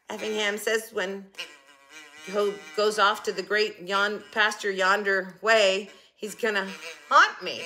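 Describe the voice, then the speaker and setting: A woman's voice: mid-range voice, flat delivery, a little slow, bright, forceful tone. An older woman chatting casually to camera about her shopping haul, giggling and joking with someone off camera. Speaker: haul vlogger.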